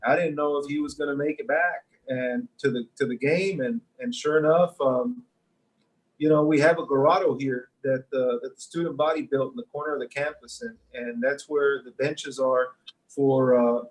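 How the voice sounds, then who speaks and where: Earnest man, mid-pitched coach. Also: fairly even intonation, low-quality recording. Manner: earnest, sincere, measured. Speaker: high school football coach. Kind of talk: casual remote interview.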